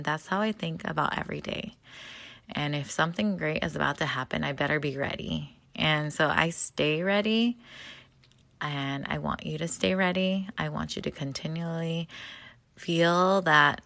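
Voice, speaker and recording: A woman's voice: low-pitched, normal speed, vocal fry, a bit bright, dry recording. A woman in her thirties talking casually and earnestly, rambling a little as she encourages her listeners. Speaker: podcast host. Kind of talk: casual motivational talk.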